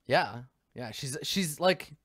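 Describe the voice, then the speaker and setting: Lively, rambling male game master. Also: medium pitch, slow pace, no room sound. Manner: loose, rambling, full of fillers and laughs. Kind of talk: narrating a tabletop game.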